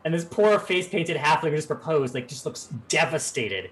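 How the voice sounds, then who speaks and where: Animated man narrating a tabletop game. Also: fairly high pitch, a little fast. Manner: animated, rambling with fillers. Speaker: game master.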